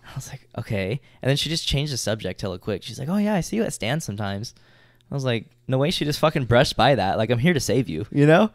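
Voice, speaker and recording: A man's voice: mid-range voice, very animated, fast talker, no echo. A young man co-hosting a podcast, telling a story in a loose, slangy, swear-filled way. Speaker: podcast co-host. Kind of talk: casual storytelling chat.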